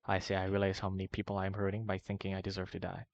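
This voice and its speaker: Deep gravelly man reading flatly. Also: rapid-fire. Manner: steady, even first-person reading. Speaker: reader. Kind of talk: reading a long document aloud. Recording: dry, muffled lo-fi voice recording.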